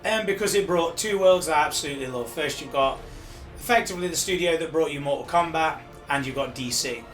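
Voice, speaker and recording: A man's voice: on the high side, brisk, a bit bright, soft background music. A man appearing as a guest, chatting casually and enthusiastically about games. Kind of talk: casual chat.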